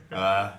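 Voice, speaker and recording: A man playing a tabletop game, speaking in a playful, teasing and eager way. His voice is low, and the recording carries a roomy echo. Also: a little hiss or hum. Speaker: player.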